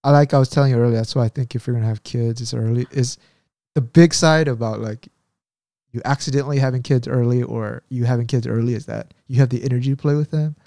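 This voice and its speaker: A man chatting casually as a podcast co-host, wandering through his thoughts in a reflective, rambling manner. His voice sits at a middling pitch, and the recording is close and dry with no room sound. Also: fairly even intonation, fast, gravelly, mellow, no room sound. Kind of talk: casual chat.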